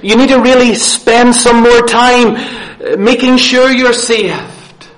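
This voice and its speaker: A sly male devil whispers doubts and nags with insinuating questions, as a preacher puts him on. The voice sits high and stays close to plain speech. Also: slow, a bit bright, heavily acted, low-quality recording.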